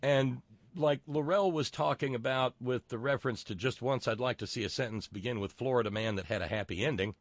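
A man's voice: medium pitch, brisk, no room sound. A middle-aged man hosting a political commentary show, sardonic and profane, often stammering and restarting his sentences. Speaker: podcast host.

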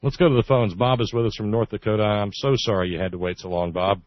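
A man hosts a call-in radio show, his low voice dry and close on a studio microphone. The sound is a little dull and lo-fi. He talks earnestly and often trips into restarts as he corrects himself. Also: fairly even intonation, fast, no room sound. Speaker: radio talk show host. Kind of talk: talk radio monologue and call-in.

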